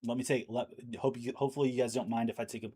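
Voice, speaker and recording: A man's voice: mid-range voice, flat delivery, racing, dark tone, husky. A man hosting a live news stream, talking casually and thinking aloud with fillers, and losing his voice. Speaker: livestream news host.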